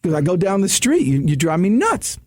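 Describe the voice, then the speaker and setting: High-voiced, emphatic middle-aged man. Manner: energetic, emphatic, talks in quick bursts with restarts. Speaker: sales coach guest. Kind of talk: casual radio chat, storytelling. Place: radio studio.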